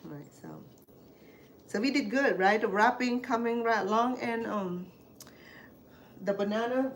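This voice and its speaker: A woman's voice: a little high, unhurried, a little hiss or hum. A woman with a Cambodian accent, a native Khmer speaker, hosting a cooking show and chatting in a rambling, storytelling way in her home kitchen. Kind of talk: casual chat while cooking.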